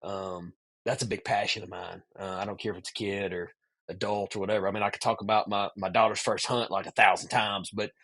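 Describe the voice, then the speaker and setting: Brisk and fairly low-voiced, a man guesting on a podcast tells a long, casual story. His animated telling is dotted with frequent "man" asides.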